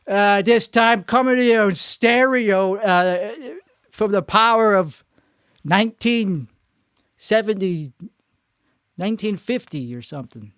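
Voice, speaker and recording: This man's voice is high, a bit bright and clean, with lively intonation at a slow pace. Hosting a podcast, he rambles through a comic monologue, slipping into a fake frantic Chicago-style accent and breaking off mid-thought, recorded dry and clean in the studio on two close microphones.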